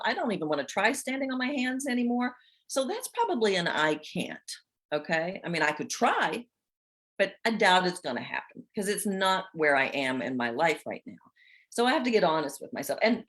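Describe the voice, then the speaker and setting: A woman in her sixties hosting a spiritual coaching talk for a women's group, expressive and acting out inner voices with laughter. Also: on the low side. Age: 60s. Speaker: host of a women's group chat.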